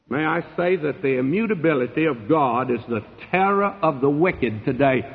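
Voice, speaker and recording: A man preaches with sweeping emphasis, booming one moment and dropping low the next. His voice sits fairly high for a man. It comes through a thin, phone-like recording with a long reverb trailing off the walls of a big hall. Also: big pitch swings, moderate pace, hardly any pauses. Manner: emphatic, sweeping swings between loud and hushed. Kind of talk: sermon. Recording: tinny narrow-band sound with long hall reverb.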